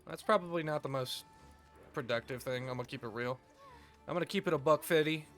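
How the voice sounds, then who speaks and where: A man's voice: a little high, a little fast, a bit bright, soft background music. A man streaming a game, chatting casually with crude jokes and rambling asides. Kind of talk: casual gameplay commentary.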